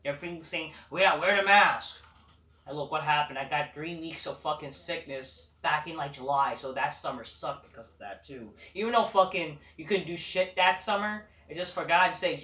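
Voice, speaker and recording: A woman's voice: lowish voice, fairly bright tone, distant mic. A woman giving a blunt, profane, rambling recap of a wrestling show. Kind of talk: casual ranting recap. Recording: echoey room, away from the mic.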